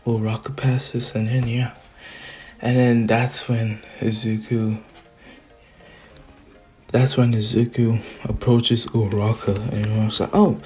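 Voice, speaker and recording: A man's voice: medium pitch, level tone, music in the background. A man casually retelling a fan story, often laughing to himself and correcting himself. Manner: laughing often, restarts, slow drawl.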